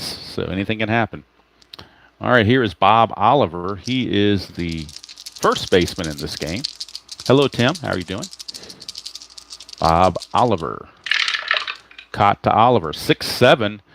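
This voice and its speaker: A man's voice: lowish voice, fairly bright tone, slight background noise. A man giving casual play-by-play of a tabletop baseball game, explaining each roll and chatting to viewers by name.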